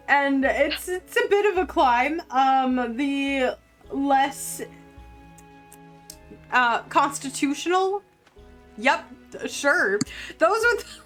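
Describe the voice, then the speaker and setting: A woman game master narrates a tabletop adventure at a very slow, easy pace. Her voice sits fairly high, and she pads her descriptions with ums and likes. She sounds casual and unhurried. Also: a bit bright.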